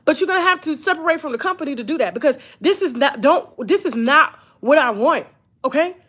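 High-voiced woman, telling drama storytime, loud and profane. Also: fairly quick. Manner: blunt, profane, animated storytelling with quoted dialogue. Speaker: commentary channel host. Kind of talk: casual storytime commentary.

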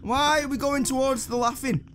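A man's voice: very high voice, fairly even intonation, normal speed. A man giving jumpy, sarcastic, swearing commentary while playing a horror video game. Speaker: gaming channel host.

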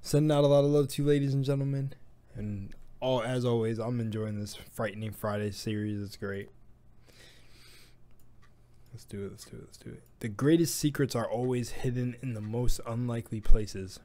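Chatty man reacting, mellow voice. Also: medium pitch, steady tone, normal speed. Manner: chatty, laughs at himself, drops to a mumble when reading. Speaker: reaction video host. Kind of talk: casual reaction commentary.

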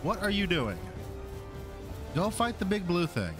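A man's voice: high voice, sing-song, measured pace, over music. A man narrating his own gameplay as a gaming YouTuber, exasperated, talking to his creature companion. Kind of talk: Let's Play commentary.

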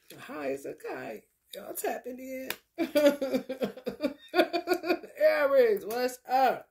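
A high-pitched woman speaking with in a loose, chatty spiritual talk. She laughs often and swings from low murmurs to bright bursts. It sounds like a tarot reader talking straight to her viewers. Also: expressive, takes it slowly, creaky. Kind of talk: casual spiritual monologue.

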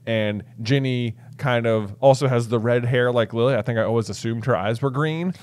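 Animated man, dry close sound. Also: mid-range voice, normal speed, no room sound. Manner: animated, reads passages aloud and reacts. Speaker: podcast co-host. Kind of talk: casual book podcast chat.

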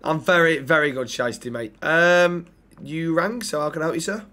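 Brief: male streamer, animated, sweary, voice a touch high. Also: normal speed. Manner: animated, swearing, mock-stern. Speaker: roleplay streamer and restaurant manager. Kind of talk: live-streamed game roleplay.

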